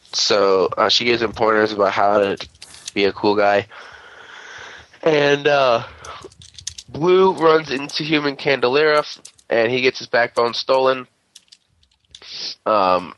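A man's voice: mid-range voice, a bit bright, highs cut off. A man on a podcast recapping a show episode in a rambling, crude casual way, full of fillers and quoted lines. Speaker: podcast host.

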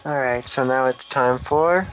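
A man co-hosting a podcast, reading listener comments with quick, exasperated jokes. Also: mid-range voice, noisy background. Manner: joking, exasperated, quick asides. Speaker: podcast co-host. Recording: dull lo-fi podcast audio.

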